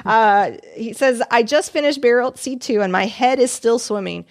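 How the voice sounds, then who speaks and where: A woman's voice: a little high, moderate pace, dry recording, studio quality. A woman co-hosting a gaming podcast, reading listener emails aloud in a chatty, giggly way with small stumbles. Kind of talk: casual podcast chat.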